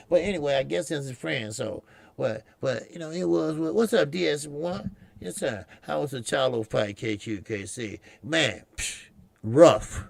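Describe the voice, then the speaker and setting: A man's voice: a little high, animated, moderate pace, vocal fry, dry recording, clean studio sound. A man hosting a boxing talk stream, rambling and profane, repeating himself as he talks. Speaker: boxing show host. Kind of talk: casual live-stream commentary.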